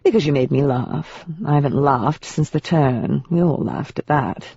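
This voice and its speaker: A reader doing a suave, old-world demon with a clipped British accent, drawling each word slowly in a hushed, lowered voice. It sounds purring and sly, recorded dry and a little dull. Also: vocal fry, husky, dry recording. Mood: amused, teasing. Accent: British (put on).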